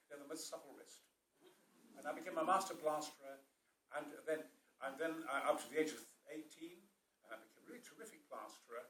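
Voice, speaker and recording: A man with a Yorkshire accent telling stories about acting in a booming, theatrical way, swinging from a hush to a roar. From South Yorkshire, England. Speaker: actor. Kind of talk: theatrical storytelling interview. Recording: roomy sound from a distant mic.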